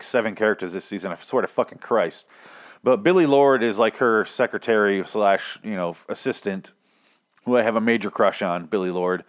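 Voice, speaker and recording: Young guy ranting through a tv recap, cussing a lot, trips over words and laughs at himself. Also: on the low side. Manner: rambling, profane, self-mocking, stumbles over words. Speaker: TV recap podcaster. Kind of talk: casual recap monologue.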